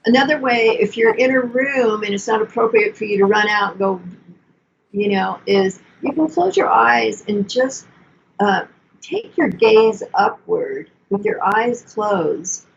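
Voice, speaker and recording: An older woman therapist explaining emotional self-care in an earnest, coaching way, with gentle self-soothing asides. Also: medium pitch, unhurried, vocal fry. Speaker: therapist guest. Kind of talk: explanatory podcast talk. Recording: dull lo-fi sound with faint noise.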